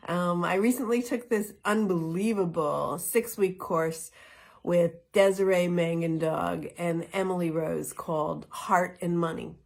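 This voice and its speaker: A middle-aged woman hosting a wellness vlog, talking in an earnest, reflective way with soft laughs, speaking from a greenhouse. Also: on the low side, steady tone, unhurried, gravelly. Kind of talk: casual spoken talk.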